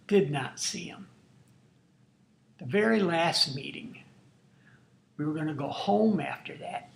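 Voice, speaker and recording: A man's voice: on the high side, vocal fry, fairly bright tone. An older man, a grandfather, telling a true family story to his grandchildren in a folksy, earnest, marveling way. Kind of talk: casual spoken storytelling. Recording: roomy echo.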